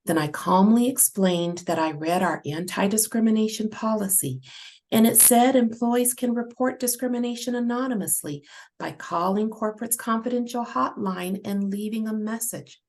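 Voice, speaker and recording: Woman reading her own story, gravelly voice, steady. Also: medium pitch, moderate pace, rough recording. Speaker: narrator. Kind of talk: first-person storybook narration.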